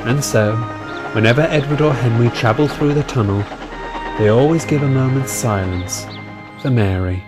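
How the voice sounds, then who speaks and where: A man narrating a storybook tale in a measured, calm way. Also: mid-range voice, music in the background.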